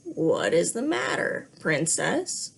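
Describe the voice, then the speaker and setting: A woman's voice: deep voice, wildly swooping pitch, slow, gravelly, slightly rough, pitched below the performer's own voice, exaggerated voice. Woman putting on a timid, scratchy little frog. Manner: timid, pleading.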